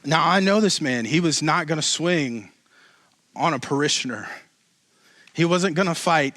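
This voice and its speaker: Man, pastor, conversational sermon, joking asides, emphatic peaks, slightly high bright voice. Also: unhurried, long pauses, no room sound.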